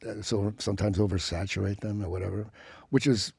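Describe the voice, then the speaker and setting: A man's voice: on the low side, fairly even intonation, a little fast, vocal fry, a little mellow, husky, no room sound. A man, an actor guest on a podcast, chatting casually and telling rambling, profane stories full of restarts and sound effects. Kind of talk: casual storytelling chat. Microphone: studio mic with headphones.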